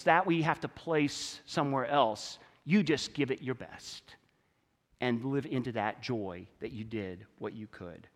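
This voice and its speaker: A man preaching a conversational sermon in a church, swinging between loud emphatic stretches and quiet low ones. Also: long reverb tail. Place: church sanctuary.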